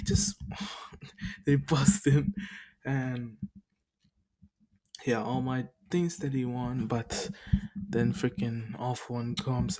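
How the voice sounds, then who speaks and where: A man's voice: mid-range voice, a little mellow. A man casually recapping a fan story as a channel host, rambling with many fillers and laughing at himself.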